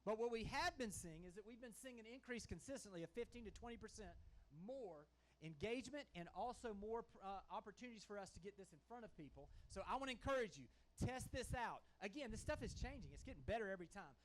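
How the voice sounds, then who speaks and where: High-voiced man presenting on stage. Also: animated, fast, a little hiss or hum. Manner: folksy, emphatic, keeps checking in with the audience. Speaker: conference panelist. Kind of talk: conference presentation. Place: conference hall stage. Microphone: handheld microphone.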